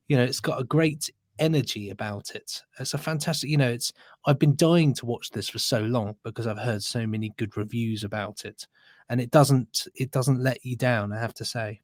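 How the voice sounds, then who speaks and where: A man's voice: medium pitch, darkish tone, dry recording, studio quality. A British man co-hosting a podcast, chatting earnestly and enthusiastically. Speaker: podcast co-host. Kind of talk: casual chat.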